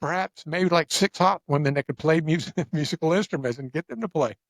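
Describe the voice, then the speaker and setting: Brisk and a little high, a man's voice comes through with no room sound as he hosts a laid-back podcast conversation. He rambles animatedly through a lengthy story, full of restarts and words doubled at the start of sentences.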